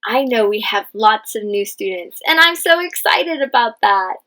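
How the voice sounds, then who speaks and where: A woman English teacher leading a dictation lesson, speaking patiently and spelling out each word clearly. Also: on the high side, expressive, normal speed, fairly bright tone, low-quality recording. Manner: patient, enunciates each word, stresses key words. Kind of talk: slow, clear classroom dictation.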